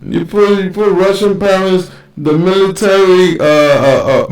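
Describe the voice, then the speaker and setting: A man's voice: high-pitched, a little slow, far from the mic. Rambling jokey male streamer, echoey room. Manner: rambling, jokey, talks to viewers and a partner off mic. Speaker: live stream host. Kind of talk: casual live stream commentary.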